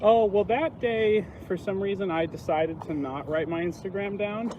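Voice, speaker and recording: A man's voice: high-pitched, normal speed, dull audio. A man as guest comedian on a walking livestream, joking loosely with lots of fillers. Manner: loose rambling jokes with fillers. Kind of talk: casual walking livestream chat. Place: outdoors on city streets. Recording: noisy outdoor street sound.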